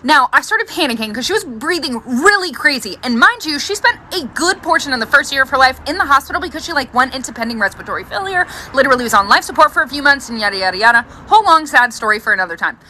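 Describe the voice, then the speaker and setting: A woman's voice: high voice, expressive, fast talker, few pauses, bright, forceful tone, a little hiss or hum. A woman telling funny family stories into her phone, bubbly and dramatic, acting out the quotes and laughing a lot. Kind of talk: storytime monologue. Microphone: phone selfie recording.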